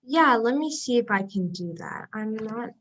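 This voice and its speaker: A woman's voice: fairly high pitch, lively intonation, moderate pace, a bit bright. A woman hosting a video call, talking helpfully and a little hesitantly. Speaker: event host.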